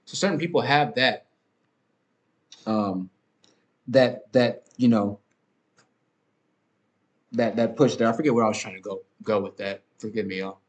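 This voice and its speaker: A man's voice: on the low side, unhurried, pauses often. Rambling, profane male podcast host. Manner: rambling, profane, many fillers and restarts. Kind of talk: casual monologue, ranting.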